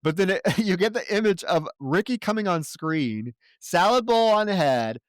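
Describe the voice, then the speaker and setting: Male podcast co-host, smooth voice, dry close mic, profane and exasperated recapping. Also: sits high, lively intonation, normal speed, dry recording. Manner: profane, exasperated, mocks characters' lines. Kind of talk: casual film review chat.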